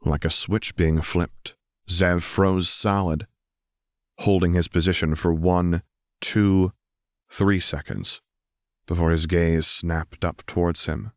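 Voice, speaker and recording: Male audiobook narrator, very low and level, steady read, dry studio sound. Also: slow pace, dry recording. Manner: steady, even storytelling read. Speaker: audiobook reader. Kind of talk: scripted narration.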